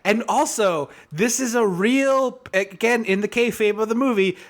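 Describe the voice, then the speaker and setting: A man's voice: sits high, moderate pace. A man co-hosting a podcast, riffing on a horror movie in casual chat with sarcastic asides and frequent laughs. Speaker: podcast co-host. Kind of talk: casual comedic movie discussion.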